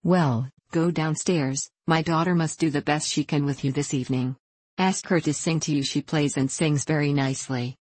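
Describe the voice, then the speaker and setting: A woman's voice: sits low, fairly even intonation, moderate pace, darkish tone, husky, dry recording. A woman reading the part of a talkative, proud elderly male vicar in a rambling, self-amused way. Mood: genial.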